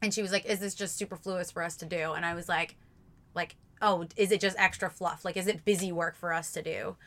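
Bright-voiced young woman podcast co-host. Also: fairly low pitch, a little fast. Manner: animated, acts out her own past lines with many "like"s. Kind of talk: casual chat.

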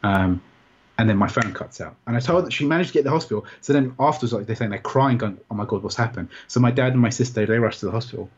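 A man tells his own story in a relaxed interview. His voice is husky and sits at a middling pitch. He speaks haltingly, with lots of restarts and a steady stream of "like"s. The recording sounds a little dull and muffled. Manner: halting, rambling, many restarts and "like"s. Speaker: interview guest. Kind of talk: personal story in conversation.

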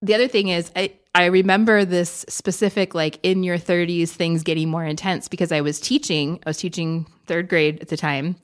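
A woman's voice: fairly low pitch, moderate pace, few pauses. A woman co-hosting a podcast, telling stories in casual chat, laughing often and acting out what others said. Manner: animated storyteller, laughs often and acts out quotes. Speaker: podcast co-host.

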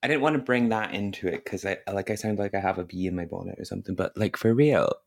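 Animated British man telling a story. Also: deep voice, fast talker, gravelly. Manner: animated storytelling, full of "like", mimics people. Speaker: podcast co-host. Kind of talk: casual chat.

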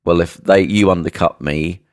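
A man's voice: sits low, steady tone, normal speed, no room sound, studio quality. A man co-hosting a podcast, retelling a show in a rambling way with many fillers and restarts. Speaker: podcast co-host. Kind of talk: casual chat.

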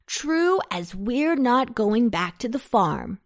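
A woman's voice: fairly high pitch, very animated, slow pace, no room sound, clean studio sound, pitched above the performer's own voice, heavily acted. A woman doing rowdy rebellious cabbages. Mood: cocky. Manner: defiant, rowdy. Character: a chorus of rebellious talking cabbages.

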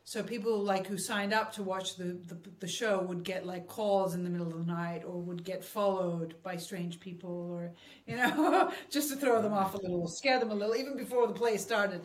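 A woman's voice: medium pitch, steady tone, moderate pace. A woman telling stories as a guest actress, chatty and laughing often. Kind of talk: casual storytelling interview. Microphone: remote call mic. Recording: roomy echo from a distance.

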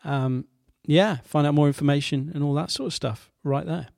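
Halting man hosting a show. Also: a little high, vocal fry, a little mellow, no room sound, studio quality. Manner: halting, many fillers and restarts, wry asides. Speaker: radio show host. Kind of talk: casual show presenting.

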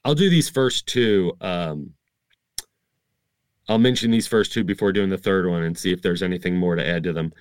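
A man in his thirties, a stand-up comedian, chatting casually and acting out his jokes. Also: low voice. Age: 30s. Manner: animated, acts out jokes with quick asides. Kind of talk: casual chat about comedy bits.

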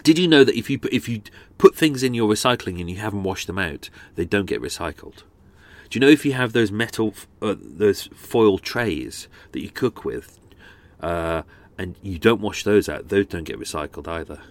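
A man's voice: lowish voice, expressive, moderate pace. A man hosting a true crime podcast, rambling casually with many fillers and restarts. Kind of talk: casual chatty outro.

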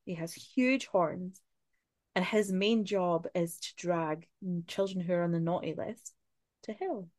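Fairly low and darkish, this woman's voice keeps a measured pace with no room sound. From Scotland, she co-hosts a podcast, casually recounting spooky folklore while swearing freely and laughing in asides.

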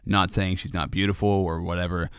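A man hosting a show, telling a long comic story in a rambling, animated way. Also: sits low, a little fast, clean tone, dry recording, clean studio sound. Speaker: host, father of a toddler. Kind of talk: comedic monologue.

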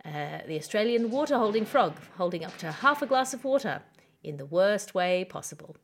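A woman's voice: mid-range voice, expressive, normal speed, slight background noise. A woman hosting a comedy podcast, presenting the news and mock ad reads in a dry, wry way. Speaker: podcast host.

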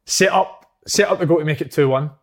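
A man's voice: fairly high pitch, a little fast. A Scottish man, a former footballer, telling blunt, sweary stories in casual chat. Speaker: former footballer, podcast guest.

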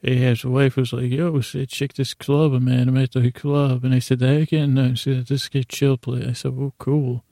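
A man with a gravelly, mellow voice tells a meandering bedtime story, keeping his delivery flat and sleepy. The sound is dry and close, with no room around him. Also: normal speed, hardly any pauses, no room sound. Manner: low-key, drowsy, meandering. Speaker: podcast host.

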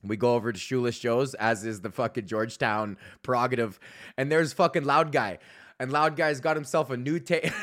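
A man's voice: medium pitch, a bit bright. A young man hosting a podcast, ranting casually and angrily with constant swearing. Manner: profane, exasperated, heavy swearing. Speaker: podcast host.

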